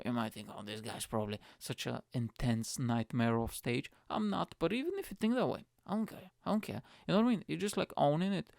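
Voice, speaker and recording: A man hosts his own podcast alone, ranting in a loose, excitable ramble. His voice has a gravelly rasp, and the recording is dry and close, with no room sound. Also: medium pitch, no echo. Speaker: podcast host. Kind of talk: solo podcast rant.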